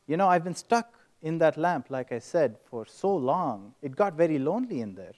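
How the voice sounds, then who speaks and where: A man voicing an old male genie in a joke, told in a deadpan storyteller's way. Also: fairly high pitch, normal speed. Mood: sly.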